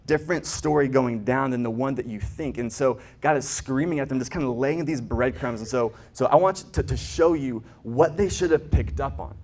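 A man's voice: medium pitch, darkish tone. A man preaching as a pastor, earnest, with restarts and emphatic rises. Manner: earnest, builds to emphatic peaks, stammers on restarts. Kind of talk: sermon.

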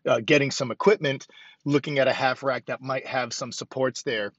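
A man in his fifties talking casually about strength training while driving to work, fast and rambling, highly caffeinated. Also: fairly even intonation, a bit bright, no room sound, dull audio. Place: car on the way to work.

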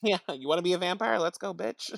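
A woman co-hosting a podcast in casual chat, talking haltingly with lots of fillers and jokes. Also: fairly low pitch, vocal fry, no echo, clean studio sound. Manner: halting, filler-heavy, joking. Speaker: podcast co-host.

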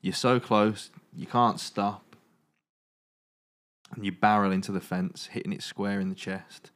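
A man's voice: fairly low pitch, steady tone, a little slow, a bit bright. A man hosting a comedy podcast, reading a choose-your-own-adventure story aloud with dramatic narration broken by jokes.

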